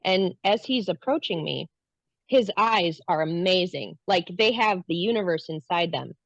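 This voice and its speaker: Low-voiced woman guest, earnest storyteller, dull lo-fi dry recording. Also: expressive, measured pace, gravelly, no echo. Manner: earnest, acts out her own past lines. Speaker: guest recounting a spiritual experience. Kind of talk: casual personal storytelling.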